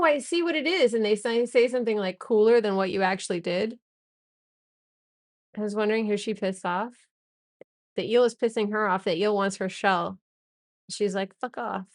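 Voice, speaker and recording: A woman's voice: medium pitch, no echo, studio quality. A woman streaming while she draws, chatting casually and joking with her chat as she thanks viewers. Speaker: streamer and artist.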